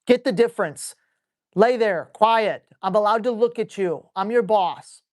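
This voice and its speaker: A blunt dog trainer answers viewer questions live, talking casually and roughly. This man scolds dogs out loud with playful toughness. His delivery is animated, swinging between quick bursts and slow, drawn-out phrases. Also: sits high. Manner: animated, switches between brisk and drawn-out speech. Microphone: live stream mic.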